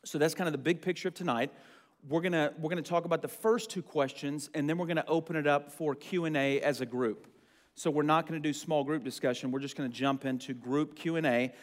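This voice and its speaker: A man's voice: a little high, steady tone, a little fast. A young man leading a church discussion group, chatty and friendly with lots of ums. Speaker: church roundtable leader. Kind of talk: casual teaching to a group. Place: meeting room with a group. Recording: long room reverb.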